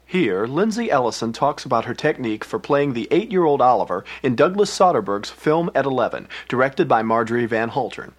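A man's voice: mid-range voice, very animated, fairly quick, hardly any pauses. A man narrating a program on voice acting and introducing each clip. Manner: smooth, introducing clips. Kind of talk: scripted narration.

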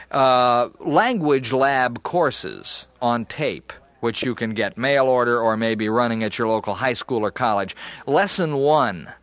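A man's voice: medium pitch, a bit bright, no room sound. Casting: male accent-acting instructor, plain explanatory delivery, dry close recording. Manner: demonstrates accents mid-explanation.

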